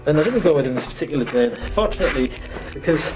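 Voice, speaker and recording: A man's voice: a little high, lively intonation, very fast, low-quality recording. A man, chatting wryly and mocking himself as he explores underground mine passages, recorded on a camera mic. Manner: chatty, wry, self-mocking. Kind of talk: casual narration while exploring. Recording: music playing under the voice.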